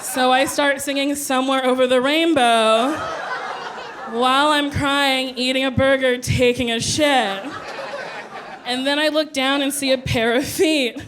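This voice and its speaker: A woman comedian telling a stand-up story with animated, loud acted-out quotes. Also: sits high, measured pace, over music, a crowd in the background.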